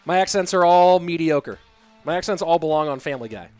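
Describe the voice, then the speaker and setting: A man's voice: on the high side, a little mellow, clear, resonant tone, no echo, faint music behind. Chatty male esports caster. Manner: chatty, joking, quick play-by-play. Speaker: esports caster and stream host. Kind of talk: live game commentary and chat reading.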